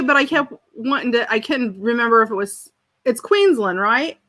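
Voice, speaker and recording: A woman's voice: fairly high pitch, lively intonation, moderate pace, bright, forceful tone. A woman hosting a casual craft livestream from home, chatting with viewers and reading their comments aloud. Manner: chatty, friendly, laughs easily, reads viewers' comments aloud. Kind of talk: casual chat with live viewers.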